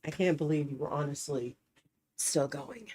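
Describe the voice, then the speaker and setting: A woman's voice: low-pitched, normal speed, mellow, slightly rough. A woman hosting a casual live stream, chatting in a wry, teasing way. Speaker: stream host.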